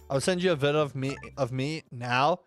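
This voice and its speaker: A man streaming a game, telling rambling, animated stories with sudden loud outbursts. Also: mid-range voice, moderate pace, faint music behind. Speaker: gaming streamer. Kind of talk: casual stream chat while playing.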